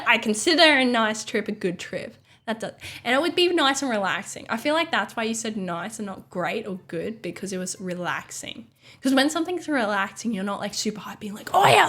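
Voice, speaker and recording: An Australian woman streamer chatting casually, rambling and excitable, swearing and laughing often. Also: fairly high pitch.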